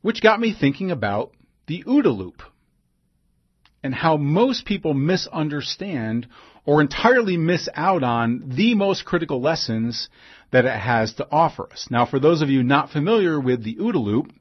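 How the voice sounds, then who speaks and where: A man telling a personal anecdote in a relaxed conversational way, with asides and fillers. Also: a little high, normal speed, slightly rough, lo-fi sound. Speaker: storyteller.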